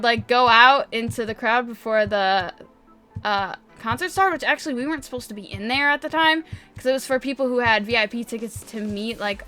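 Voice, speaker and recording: A young woman from northwest Indiana tells a story in a high, bright voice, chatty and excitable, with "like" in nearly every phrase. Faint music plays softly behind her. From northwest Indiana, USA. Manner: chatty, excitable, lots of "like" fillers. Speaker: gaming vlogger. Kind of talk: casual storytelling over gameplay.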